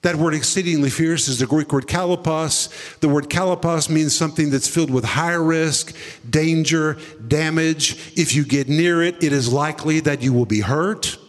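Dramatic male preacher in a reverberant hall. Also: moderate pace. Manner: dramatic storytelling with sudden drops to low deep quotes. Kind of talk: sermon.

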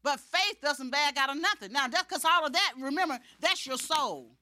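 Woman, preacher, sermon testimony, animated storytelling, acts out dialogue, forceful tone, dry sound. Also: sits high, moderate pace, no echo.

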